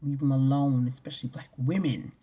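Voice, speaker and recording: A woman vlogger ranting to camera, blunt and profane, swinging from loud outbursts to low mutters. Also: fairly even intonation, fairly quick, husky. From United States.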